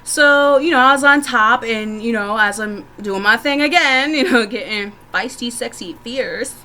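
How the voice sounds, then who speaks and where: A young woman tells candid stories straight to her viewers in a bright, forceful voice. She is frank and profane and laughs often as she talks. A faint hum of room ambience sits under her voice. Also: fairly high pitch, measured pace. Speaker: vlogger. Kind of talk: candid storytelling to camera.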